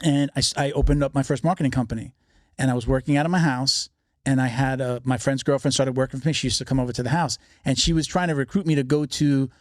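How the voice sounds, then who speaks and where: Fast-talking profane male storyteller. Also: mid-range voice, fairly even intonation, no room sound, studio quality. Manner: fast, profane storyteller who acts out quoted voices. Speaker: podcast guest. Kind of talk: casual podcast storytelling.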